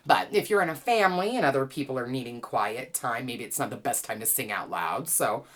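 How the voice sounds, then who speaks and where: A woman teaching a well-being class, gently and playfully guiding listeners through calming exercises with easy laughs. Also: a bass voice, fairly quick. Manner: playful, chatty, laughs easily. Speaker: wellness teacher and author.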